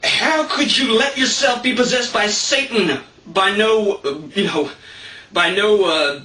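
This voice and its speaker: A man's voice: sits high, a little slow, pushed and bright, voice pushed up. A man putting on a casual, grumbling voice for an irritated, nosy male God in a comedy bit, heard in an echoey room. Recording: roomy sound from a distant mic.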